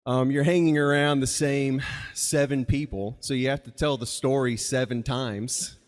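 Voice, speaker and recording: A man's voice: medium pitch, steady tone, moderate pace. A man from Mississippi, telling a rambling, casual story at a live open mic with chuckling asides. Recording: long reverb of a live venue.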